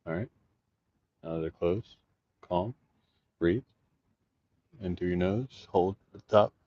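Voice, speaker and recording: Deep-voiced, profane male vlogger who tells rambling stories, recorded on dull, muffled audio. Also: slow, warm tone. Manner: rambling, profane, restarts sentences. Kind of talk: casual storytelling vlog. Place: outdoors in an urban jungle, sleeping rough.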